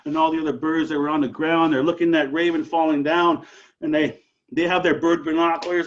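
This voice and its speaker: A man from Alaska telling a traditional story aloud, animated, with dramatic rises and drops. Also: fairly high pitch, fairly quick, highs cut off.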